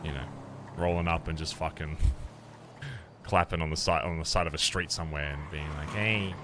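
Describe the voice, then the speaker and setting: Against a noisy background, a man with a very deep voice speaks in character as a biker club boss in an online role-play game. At a moderate pace and with fairly even intonation, he rambles and curses freely, rallying his crew as he outlines his plans.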